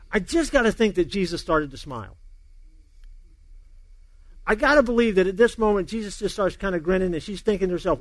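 A man's voice: sits high, expressive, quick pace, dry recording. A middle-aged man, a pastor, giving a sermon and telling a funny personal story, acting out the dialogue and laughing along.

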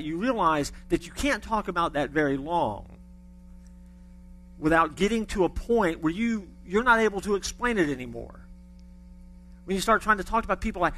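A male pastor preaching in a church, his voice pitched high and bright. he talks to the room like a conversation, cracks jokes, and often restarts his sentences. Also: a little hiss or hum. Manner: conversational preaching, with humorous asides and repeated restarts. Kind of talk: sermon.

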